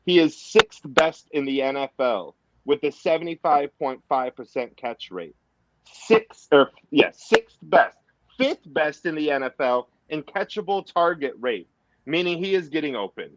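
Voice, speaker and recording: Excitable man with dull lo-fi audio. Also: fairly high pitch, normal speed. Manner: rambling, enthusiastic, quotes stats. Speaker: podcast co-host. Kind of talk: casual sports chat.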